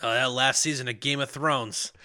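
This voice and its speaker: A man's voice: medium pitch, fairly even intonation, moderate pace, sharp tone, shouting. A man co-hosting a casual movie podcast, recapping plot and laughing often. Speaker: podcast co-host. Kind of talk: casual comedic movie chat.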